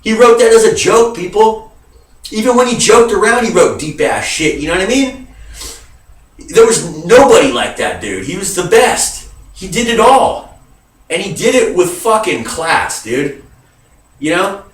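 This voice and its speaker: This vlogger's voice is high, sing-song and unhurried, captured from a distance with roomy acoustics. Grieving and agitated, he delivers an emotional rant to camera, swearing heavily, speaking with emphasis and calling viewers "dude."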